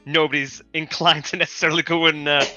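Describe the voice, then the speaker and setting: A man's voice: a little high, level tone, fast, pushed and bright, dry recording, muffled recording, soft background music. A man playing a tabletop game, casually describing his character with fillers. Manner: easygoing, with fillers and restarts. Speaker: player.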